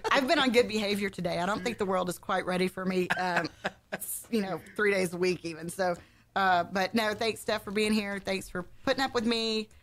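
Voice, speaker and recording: A woman's voice: mid-range voice, steady tone, fairly quick, a little hiss or hum. Bubbly woman hosting radio chat. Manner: chatty, bubbly, self-deprecating, laughs often. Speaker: guest radio host.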